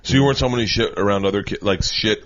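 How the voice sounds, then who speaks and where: A man hosting a podcast, telling stories in a casual chat, loudly acting out the lines he quotes and laughing between them. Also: fairly low pitch, rapid-fire, dull audio. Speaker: podcast host.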